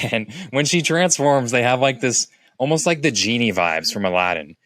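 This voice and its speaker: Animated man recapping a film. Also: moderate pace, dry recording. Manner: animated, acts out quoted lines in higher voices. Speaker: podcast co-host. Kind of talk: casual movie review chat.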